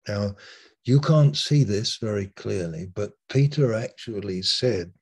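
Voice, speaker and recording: Slow, emphatic male preacher. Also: fairly low pitch, animated, gravelly, breathy edge. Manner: slow, emphatic preaching with dramatic pauses and swings in loudness. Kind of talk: sermon. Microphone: video call.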